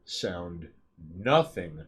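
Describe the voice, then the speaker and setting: A man's voice: low voice, very animated, drawn-out words, fairly bright tone, a little hiss or hum. Rambling, profane male podcast co-host. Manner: rambling, profane, trails off and restarts. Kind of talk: casual chat.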